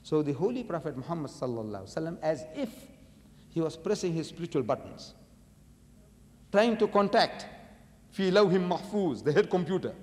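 A man giving an animated religious lecture to an audience, asking rhetorical questions and swinging between loud emphasis and quiet asides. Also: on the high side, fairly quick. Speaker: preacher. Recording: long hall reverb.

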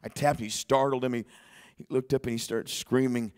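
A man preaching a sermon in a church, telling a personal story and swinging between shouted exhortation and quiet, hushed retelling. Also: medium pitch, fairly even intonation, a little fast. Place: church sanctuary.

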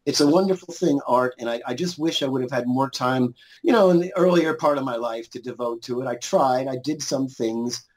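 A man's voice: mid-range voice, brisk, few pauses, darkish tone. A middle-aged man with an ordinary mid-range voice, talking as a podcast guest. He tells stories in a loose, rambling way, full of restarts and small chuckles. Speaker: guest, lawyer, musician and actor. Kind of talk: casual interview chat.

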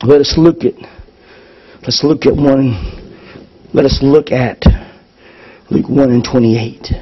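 Husky-voiced preacher giving a sermon. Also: male voice, mid-range voice, fairly even intonation, takes it slowly, highs cut off. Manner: passionate preaching, swings from loud to hushed. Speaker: pastor. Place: church service.

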